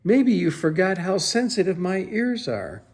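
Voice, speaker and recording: A man's voice: high-pitched, big pitch swings, unhurried, gravelly, voice pushed up, heavily acted. Man doing a fussy little bird for a kids book, prim, complains about its ears, lilting. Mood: complaining.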